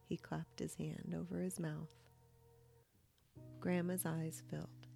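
Slow, soothing woman reading a sleep story. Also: on the low side, level tone, creaky. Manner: slow, soothing, soft-spoken. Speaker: host and storyteller. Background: soft meditation music.

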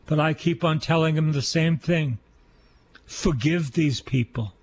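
A man's voice: a little high, measured pace, a little mellow, a little hiss or hum. A man, a priest, giving an earnest sermon on scripture and repeating key phrases for emphasis.

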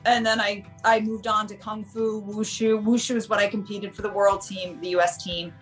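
A woman's voice: medium pitch, little pitch movement, moderate pace. A woman talks in a casual interview and tells a story with plenty of life. She acts out the people she quotes and keeps an easy storytelling rhythm. A faint bed of music sits under her voice. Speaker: guest, nurse and author.

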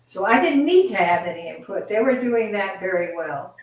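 An older woman answering a fan's question graciously at a convention, pausing to search for names. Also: mid-range voice, lively intonation. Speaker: actress answering a fan question. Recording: roomy, distant mic.

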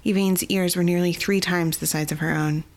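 A woman narrating a fantasy novel in a steady, even storytelling voice. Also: lowish voice, moderate pace. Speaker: audiobook narrator.

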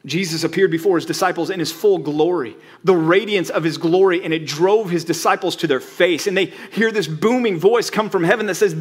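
Brief: male pastor, lightly raised pitch, casual preaching style with rhetorical questions. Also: moderate pace, fairly bright tone. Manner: conversational preaching with rhetorical questions and acted-out quotes. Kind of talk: sermon.

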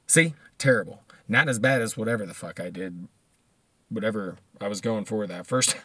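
A man's voice: lowish voice, lively intonation, normal speed, fairly bright tone, dry recording. A man, ranting casually and profanely in a monologue, laughing often between points.

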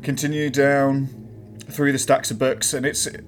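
A man's voice: mid-range voice, level tone, measured pace, slight background noise. A man narrating a tabletop game as game master, describing scenes with many small hesitations.

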